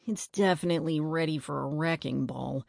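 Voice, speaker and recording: A woman's voice: sits low, normal speed, vocal fry, a little mellow, dry recording, clean studio sound. A woman voicing a grumpy, sarcastic young boy who whines and mutters in a children's storybook. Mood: grumbling. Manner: whiny, sarcastic.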